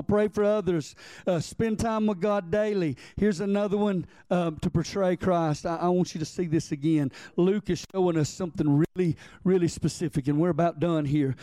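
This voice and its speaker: A high-pitched man delivers a folksy sermon in a mellow tone. He stretches out his key lines slowly and rattles off the side stories quickly. The recording is dry and close. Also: no echo. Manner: folksy preaching with Southern phrasing, swings from slow emphatic lines to quick asides. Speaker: pastor.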